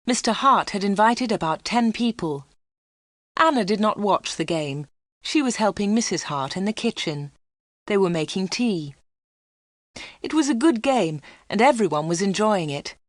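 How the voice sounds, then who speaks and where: Female narrator for a learner's storybook, steady clear reading, dry. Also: mid-range voice, unhurried, no room sound.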